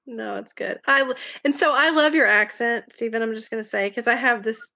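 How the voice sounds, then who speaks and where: A woman's voice: fairly high pitch, fairly even intonation, fairly quick, vocal fry, bright, forceful tone, no room sound. A woman in her fifties from Arkansas with a Southern accent, a guest chatting playfully over a video call. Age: 50s. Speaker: podcast guest. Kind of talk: casual video call interview.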